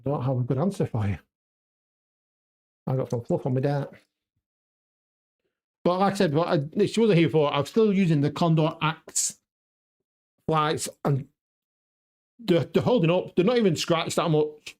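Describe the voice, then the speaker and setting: A darts vlogger practices in his home darts room during a casual live stream, muttering checkout numbers to himself while chatting with viewers. His voice is a little high and a little mellow, animated at a normal speed, with frequent pauses.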